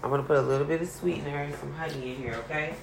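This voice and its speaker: A woman's voice: low-pitched, fairly even intonation, rapid-fire, gravelly, background noise. A woman hosting a podcast in a casual, chatty and playful way, often laughing as she talks. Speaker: podcast host. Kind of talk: casual chat.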